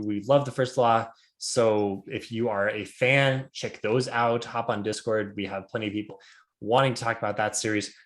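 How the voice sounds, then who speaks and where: A man's voice: lowish voice, fairly bright tone. A man co-hosting a book podcast, moderating the chat in an upbeat, joking way. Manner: upbeat, joking, steers the talk.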